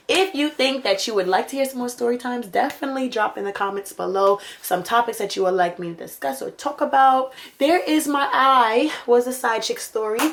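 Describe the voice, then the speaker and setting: A young adult woman vlogger telling a storytime, animated and slangy, jumping between loud exclamations and quiet asides. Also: fairly high pitch. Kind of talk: casual storytime monologue.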